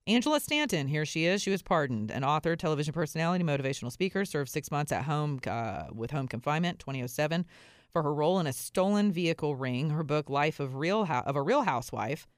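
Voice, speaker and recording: Low-voiced woman, animated and sarcastic. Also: no room sound, studio quality. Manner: animated, sarcastic asides, frequent laughter. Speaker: podcast host. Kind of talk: casual opinion talk.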